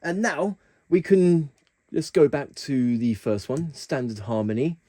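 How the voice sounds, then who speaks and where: A man's voice: fairly high pitch, measured pace, dark tone. A man hosting a keyboard tutorial, talking casually through the settings with plenty of fillers and restarts. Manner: chatty, hesitant with fillers and restarts.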